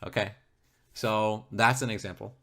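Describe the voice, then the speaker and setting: A man's voice: on the low side, steady tone, measured pace, sharp tone. A man telling a personal story to an interviewer, repeating himself, swearing heavily and constantly checking in with "okay?". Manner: repetitive, keeps checking in with "okay?"; emphatic, heavy swearing.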